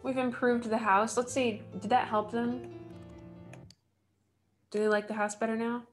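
A woman's voice: a little high, level tone, measured pace, faint music behind. A woman, likely in her thirties, giving casual let's play commentary, talking to herself with wry asides as she builds. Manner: chatty, wry self-talk while building. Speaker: gaming channel host.

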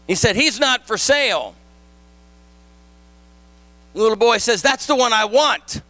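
A male pastor delivers a sermon, moving from a gentle story into emphatic, shouted preaching. His voice sits very high for a man and sounds bright and sharp. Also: lively intonation, unhurried, no room sound.

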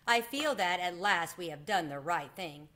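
A woman's voice: fairly low pitch, lively intonation, moderate pace, a bit bright. A woman reading the part of a nervous, worrying mother mouse in a storybook. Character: worried, fussing mother mouse.

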